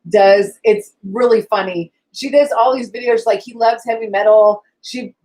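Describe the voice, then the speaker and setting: A woman's voice: on the high side, steady tone, moderate pace, warm tone. A woman co-hosting a casual live stream, chatting loosely and losing her train of thought. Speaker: co-host.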